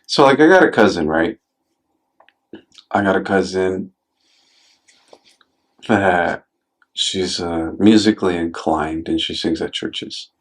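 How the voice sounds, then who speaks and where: A man's voice: deep voice, slow, pauses often. A man talking casually and jokingly, rambling with fillers as he hosts a conversation. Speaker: podcast host.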